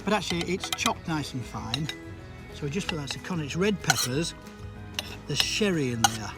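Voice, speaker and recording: A man's voice: a little high, lively intonation, moderate pace, loud music behind the voice. A male cook and presenter, chatty and teasing, explaining each step as he cooks. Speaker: chef and TV presenter. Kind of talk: cooking show chat and voice-over narration.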